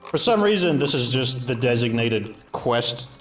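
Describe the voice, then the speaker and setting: A man's voice: medium pitch, lively intonation, measured pace, faint music behind. A man streaming a game, chatting casually and thinking aloud as he plays. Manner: chatty, offhand, thinks aloud while playing. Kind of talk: casual gameplay commentary.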